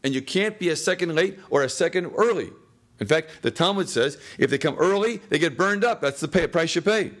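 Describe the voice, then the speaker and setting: Leading a text study with his class, a male teacher with a slightly higher, somewhat bright voice speaks briskly and with lively intonation. He tosses out questions, often supplies the answers, and laughs at his own little jokes along the way.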